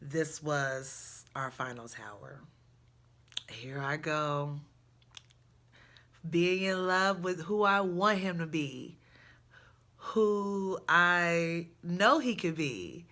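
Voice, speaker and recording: A woman telling a personal story in a chatty, animated way, jumping high with excitement in places. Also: very slow, long pauses.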